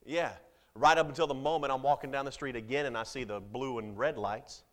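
A man preaching a sermon to a congregation, with big swings in loudness and pitch and jokes with the listeners. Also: steady tone, fairly quick.

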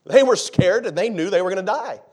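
A man preaching a sermon in a high, animated voice. He moves from quiet, chatty asides to the congregation to loud, dramatic retellings of the scene. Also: a little fast, slightly rough. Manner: dramatic, acts out the disciples' panic, swings from quiet to shouting; conversational, jokes with the congregation. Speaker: pastor.

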